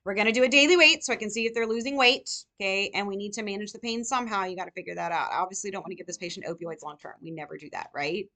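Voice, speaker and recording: A woman nursing tutor lecturing a live class, firing rapid questions at her students. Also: medium pitch, sharp tone.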